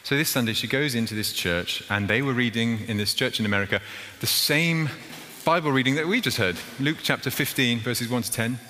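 A man preaching a lively sermon, acting out a story in a playful, animated way. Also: mid-range voice, brisk, hardly any pauses. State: out of breath. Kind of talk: lively sermon with acted demonstration. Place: church hall. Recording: echoey hall with faint noise.

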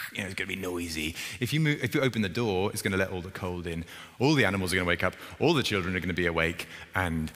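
A man's voice: deep voice, a bit bright. A man preaching a sermon as a vicar, chatty and informal, often restarting his sentences and acting out little stories. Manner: chatty, self-interrupting, acts out stories. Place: church. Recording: long church hall reverb.

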